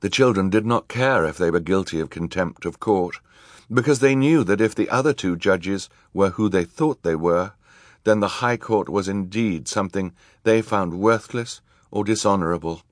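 A man with a lowish voice narrates a story in a measured, wry way. The sound is close and dry, with no room around it. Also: dry recording. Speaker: audiobook narrator. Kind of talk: scripted narration.

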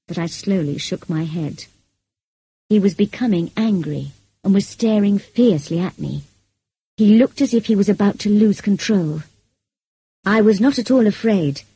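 A woman giving a gentle, measured first-person narration of an audiobook. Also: mid-range voice, husky, no echo, poor audio.

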